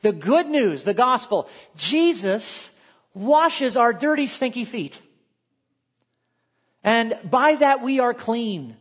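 A man preaching a sermon, reading scripture aloud and shifting between emphatic lines and quiet, low asides. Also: big pitch swings, takes it slowly. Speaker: pastor.

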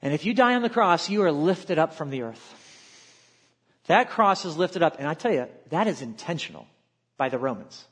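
A man preaching a sermon, reading scripture aloud and shifting between emphatic lines and quiet, low asides. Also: big pitch swings, moderate pace, husky. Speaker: pastor.

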